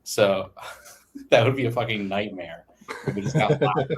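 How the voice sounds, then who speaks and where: A young man with a somewhat low voice trades jokes on a podcast. His talk is loose and casual, and he often speeds up in bursts when a bit lands. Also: slight background noise. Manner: joking, bursts of quick talk. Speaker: podcast co-host. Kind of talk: casual banter.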